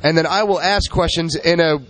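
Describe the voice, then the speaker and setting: A young interviewer with a fairly high voice who talks fast and keeps things loose and jokey. His banter is full of slang. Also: fairly bright tone. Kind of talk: casual video interview.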